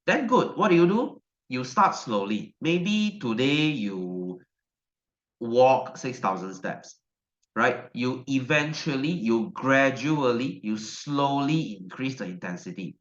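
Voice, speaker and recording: A man's voice: mid-range voice, very animated, a little slow, fairly bright tone. A male science teacher, giving a chatty online class lecture and repeating his questions to the class. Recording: dull, roomy echo.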